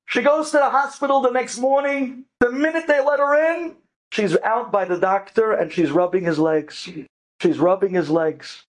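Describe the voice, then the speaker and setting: A man, a rabbi and storyteller, telling a family story in an animated, dramatic way and mixing in Hebrew words. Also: extremely high pitch, moderate pace. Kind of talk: lively storytelling talk.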